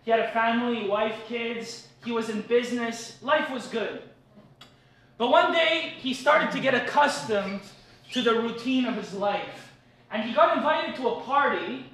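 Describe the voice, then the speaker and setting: High, bright-voiced pastor preaching live. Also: male voice, a little slow, very echoey, far from the mic, a little hiss or hum, poor audio. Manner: storytelling preacher who builds to shouted declarations. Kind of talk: live sermon. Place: cafe meeting room.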